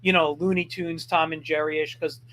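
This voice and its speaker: Male guest, relaxed storyteller, slightly high voice, uh-filled, unhurried. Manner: easygoing storyteller, many fillers. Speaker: guest cartoonist. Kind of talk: casual interview chat.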